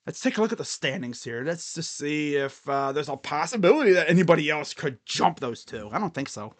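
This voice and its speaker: Rambling male sports streamer, slightly high voice. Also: animated, a little fast. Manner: rambling, thinks aloud with fillers and restarts. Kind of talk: casual livestream chat about college football.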